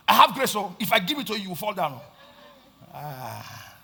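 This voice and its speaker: A man with a Nigerian accent preaching a sermon, swinging between shouted lines and hushed asides and repeating phrases for emphasis. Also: high-pitched, sing-song, moderate pace, vocal fry, husky. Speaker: pastor.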